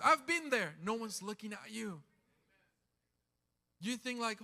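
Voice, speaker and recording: A man preaching a sermon in a church, impassioned, swinging from loud calls to quiet talk. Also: sits high, animated, slow pace, creaky, big-room sound. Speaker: pastor. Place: church sanctuary.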